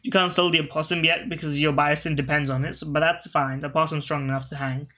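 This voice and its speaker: A man's voice: fairly high pitch, little pitch movement, fast talker, bright, forceful tone. A man giving casual, rambling commentary over a video game, often correcting himself mid-sentence and talking to his game pieces. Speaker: gaming video host.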